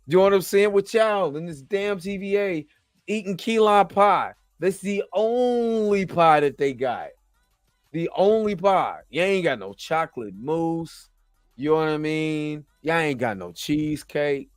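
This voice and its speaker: A man's voice: fairly high pitch, expressive, measured pace, no room sound, studio quality, soft background music. A tired man, yawning after a long work shift, hosting a casual, slang-filled, rambling review of a TV episode. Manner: rambling, slangy, chatty, keeps asking "you know what I'm saying". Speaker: show host reviewing a TV episode.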